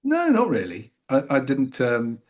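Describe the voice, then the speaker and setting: This guest is a middle-aged actor from Newcastle, England, who talks in received pronunciation with a mid-range voice and an unhurried pace. The conversation is casual, and he mocks himself good-naturedly, laughing frequently.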